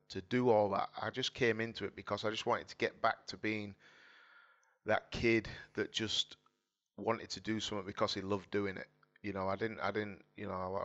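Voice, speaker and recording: A man talks in a fairly low voice, earnest and openly emotional as he recounts his past. He loops back over his words and acts out old conversations. The recording sounds dull and lo-fi. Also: fairly bright tone. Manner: earnest, emotional, repeats phrases and quotes his dad. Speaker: guest, former footballer turned boxer. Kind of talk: candid conversational storytelling. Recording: dull lo-fi audio.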